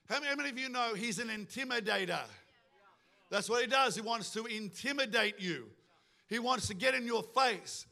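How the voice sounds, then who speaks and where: A pastor preaches with fervour, firing questions at the crowd for call-and-response and acting out the voices he quotes. His voice is very high, fairly quick and creaky, with a bright, forceful tone.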